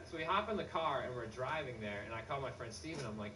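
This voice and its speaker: A man does stand-up with a casual, excited, profane delivery, his voice sitting fairly high. He sounds roomy and set back from the mic. Clear noise runs under him. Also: fast, few pauses, recorded from a distance. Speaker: stand-up comedian. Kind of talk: stand-up storytelling. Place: comedy club stage.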